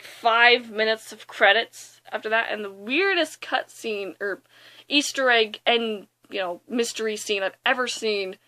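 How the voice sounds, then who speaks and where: Young woman gushing through a movie recap, rambly, kinda high voice. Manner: rambling, excitable retelling with fillers. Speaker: movie reviewer.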